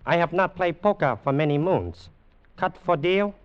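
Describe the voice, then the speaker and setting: A man's voice: a little high, expressive, moderate pace, close to an everyday voice. A menacing, domineering warlord general, played by a man, speaking clipped, broken English in a contemptuous tone. His voice comes through dull, lo-fi old film sound with a faint hiss beneath it. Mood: gruff, scornful.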